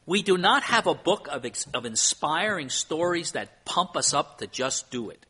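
A pastor delivering a sermon in church, his voice bright and forward. He preaches earnestly, with emphasis that rises and falls. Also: a little high, big pitch swings, normal speed, husky.

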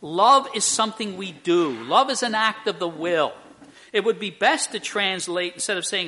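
A man's voice: high voice, normal speed, sharp tone. An older man preaching a sermon, telling a story earnestly and acting out the people in it. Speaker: pastor.

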